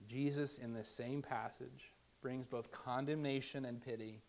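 A middle-aged man, a pastor, preaching a sermon, dropping to a hushed softness for quoted invitations and rising loud at his most emphatic points. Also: medium pitch, steady tone, measured pace, vocal fry.

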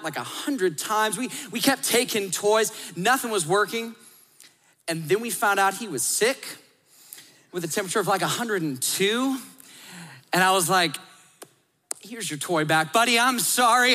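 Bright-voiced man preaching a sermon. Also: high voice. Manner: animated storytelling with acted-out voices. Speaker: pastor. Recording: long reverb of a large hall.

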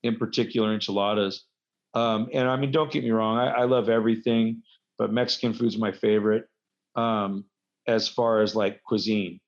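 A man's voice: fairly low pitch, little pitch movement, normal speed. Rambling man on a dull, lo-fi recording. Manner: rambling, self-deprecating storyteller. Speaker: guest, wrestler. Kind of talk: casual interview chat.

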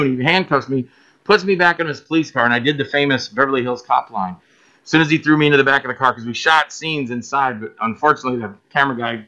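A man guest on a podcast telling stories about his filmmaking, animated and acting out other people's voices. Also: a little high, fast talker, highs cut off. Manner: animated, acts out quoted voices, laughs often. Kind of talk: casual storytelling interview.

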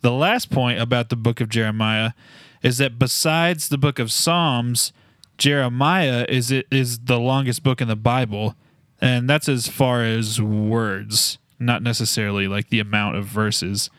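A man co-hosting a casual Bible discussion podcast, presenting fun facts in a relaxed, explanatory way. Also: medium pitch, unhurried, no room sound, clean studio sound. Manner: relaxed, explanatory, a few filler restarts.

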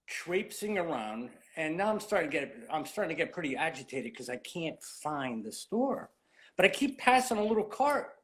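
A man in his late fifties, a cigar industry veteran, telling rambling, lively anecdotes in a casual interview, full of "you know" asides. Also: a little high. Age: 50s.

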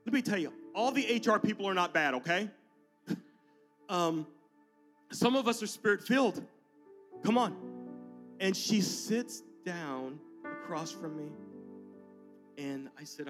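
A male pastor telling a personal story in a church sermon, swinging emotionally between soft asides and loud declarations. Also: on the high side, a little slow, long pauses, soft background music.

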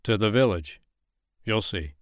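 A calm, mysterious jungle man of few words, voiced by a man, speaking in short and cryptic lines. The voice is low and sits close and dry, with no room around it. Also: unhurried, dry recording. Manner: terse and cryptic.

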